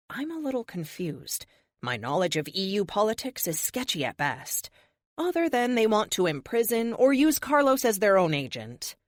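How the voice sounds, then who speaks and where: A woman's voice: mid-range voice, very animated, normal speed, no room sound, studio quality. A woman narrating a first-person audiobook in a wry, spirited voice.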